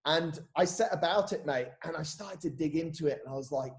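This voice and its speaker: A man, a podcast guest and coach telling stories in casual, animated chat, swearing and saying "mate" a lot. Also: a little high, brisk.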